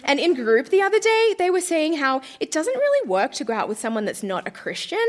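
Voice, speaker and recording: A woman's voice: high voice, very animated, fairly quick. A woman in her thirties reading her teenage diary aloud on a live stage, melodramatic and breaking into laughter. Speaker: guest reader.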